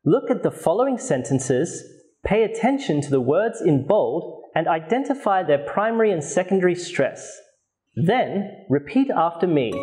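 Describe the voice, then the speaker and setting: A man teaching English pronunciation in a scripted lesson, reading model sentences slowly and with careful enunciation. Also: high voice, big pitch swings, darkish tone.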